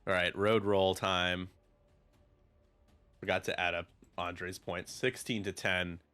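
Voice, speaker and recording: A man giving joking, quick play-by-play commentary on a tabletop game during a casual live stream. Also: deep voice, little pitch movement, bright, forceful tone, soft background music.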